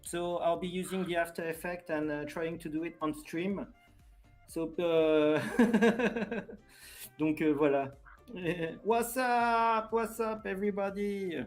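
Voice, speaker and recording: A man's voice: high voice, slow pace, faint music behind. A man with a French accent chatting casually on a live stream, hesitant and self-deprecating.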